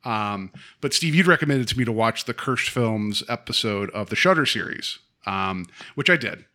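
Man, podcast host, bright forceful voice, chatty and rambling. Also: on the low side, expressive, normal speed. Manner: chatty, rambling, many fillers. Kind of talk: casual film discussion.

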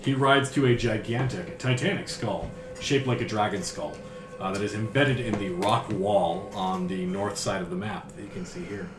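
A man with a fairly low voice narrates a tabletop game as its game master. He describes the scene in a descriptive, unhurried way and drops filler words. The room sounds roomy and echoey, with faint music behind him.

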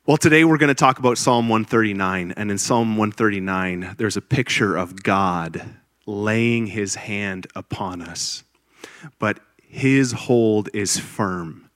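A man's voice: on the low side, slow pace, fairly bright tone, no echo, studio quality. A man preaching a sermon to a congregation, earnest and explanatory, with emphatic bursts and light teasing of his listeners.

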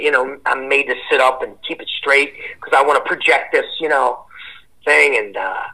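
Bright, profane storytelling man. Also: medium pitch, rough recording. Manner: rambling, profane, animated storyteller. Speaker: podcast guest. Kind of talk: casual storytelling.

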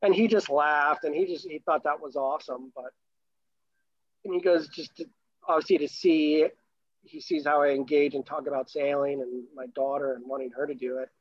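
A Florida man in his thirties, a sailor and new father, tells a long, enthusiastic, rambling story in casual chat. His fairly high voice keeps a steady tone at normal speed, and the dull lo-fi recording has no echo.

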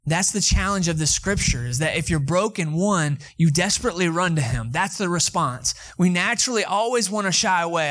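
A man's voice: high-pitched, fairly bright tone. A young man from Atlanta, preaching a sermon in a conversational, storytelling way. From Atlanta, Georgia. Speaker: pastor.

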